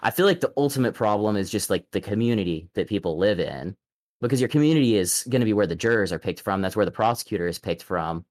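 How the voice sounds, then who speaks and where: Caller: low-pitched man from Texas, measured and halting, dry close sound. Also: lively intonation, no echo. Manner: measured, hesitant with fillers. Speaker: caller, prosecutor. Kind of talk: casual call-in chat.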